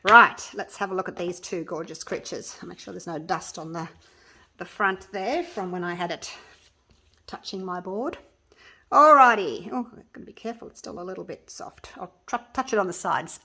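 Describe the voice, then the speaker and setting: A resin craft channel host films a casual tutorial at her home workspace, talking to viewers as she works and repeatedly trailing off and restarting. Her voice is on the low side, pushed and bright with vocal fry and a breathy edge, at a moderate pace.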